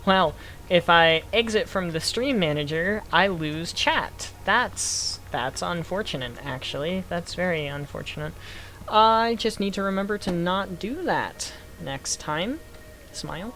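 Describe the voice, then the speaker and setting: A young man talks casually to his stream chat from his desk mic, his voice sitting a little high for a man. He breaks into quick excited outbursts between easygoing remarks. Game music plays clearly underneath him. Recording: game music playing behind.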